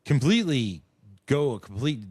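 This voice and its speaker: A middle-aged man, a comedian guest, talking casually on a podcast in a rambling, halting, self-critical way. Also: mid-range voice, sing-song, a little mellow, slightly rough, no room sound.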